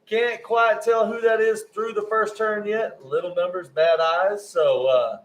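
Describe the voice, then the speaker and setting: A man's voice: high-pitched, steady tone, unhurried, low-quality recording. A man giving live race commentary, often stumbling over rider names and correcting himself.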